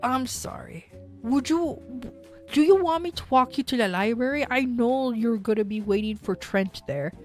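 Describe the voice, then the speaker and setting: A man's voice: very high-pitched, normal speed, soft background music. A woman voicing a creepy young man who stalks a woman, speaking in an eerie, overly familiar way. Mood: falsely polite.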